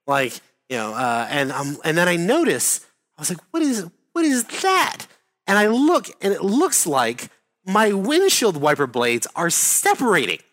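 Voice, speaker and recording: A man's voice: on the high side, a bit bright. A man telling a rambling story in casual chat, full of fillers, restarts and swearing.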